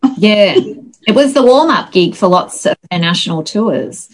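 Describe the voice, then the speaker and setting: A woman, a guest on an interview show, telling lively anecdotes in a casual, chatty way. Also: medium pitch, normal speed. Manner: chatty, animated anecdotes with laughs. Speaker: guest, local music historian.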